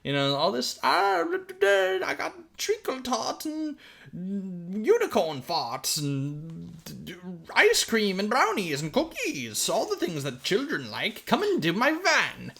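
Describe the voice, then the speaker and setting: A man playing a creepy male child catcher villain, putting on a coaxing, drawn-out sing-song voice for a comic movie recap. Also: high-pitched, huge pitch swings, gravelly, fairly bright tone, voice pushed up, full character voice. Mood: wheedling.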